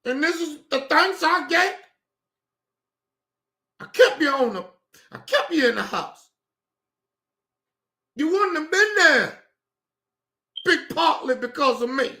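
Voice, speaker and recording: A man with a very high, bright voice rants through a reaction stream, swinging his pitch widely as he talks in disbelief and swears freely. He speaks slowly and lets the outrage sink in. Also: lively intonation. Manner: incredulous, profane ranting. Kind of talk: reaction commentary.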